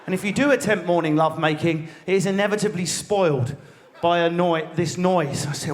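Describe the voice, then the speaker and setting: A man in his forties with an Essex accent doing a crude, rapid-fire stand-up routine on a theatre stage, leaping into squeaky voices. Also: slight background noise. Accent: Essex English. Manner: rapid, animated, crude riffing with squealed voice jumps. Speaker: stand-up comedian.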